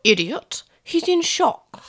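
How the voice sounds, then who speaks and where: A woman's voice: sits high, sing-song, slow pace, fairly bright tone, heavily acted. A woman doing a bossy little bird creature. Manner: blunt and know-it-all.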